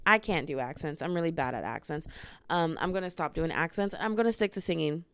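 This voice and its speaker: A woman's voice: deep voice, a little fast, a bit bright, smooth, dry recording. Woman, 20s, podcast host, rambling casual chat, resonant voice, dry close sound. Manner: rambling, chatty, jumps between topics. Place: at home, indoors. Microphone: small handheld camera.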